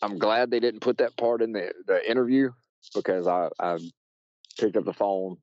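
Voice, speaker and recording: An American man, a podcast guest, telling a story casually with many restarts and fillers, shouting loudly when he acts out quotes. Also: fairly low pitch, moderate pace, highs cut off. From United States. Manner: rambling, with frequent restarts and fillers.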